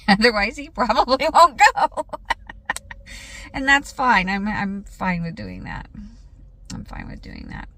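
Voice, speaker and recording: A woman's voice: mid-range voice, gravelly, fairly bright tone, dry recording. A woman vlogging in a chatty storytelling way, laughing often and acting out what was said. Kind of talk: casual vlog chat.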